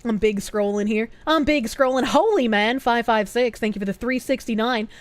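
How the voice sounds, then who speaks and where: A woman's voice: a little high, moderate pace, dry recording. A young adult woman streaming live, chatting casually in a rambling, profane way and reading out donations.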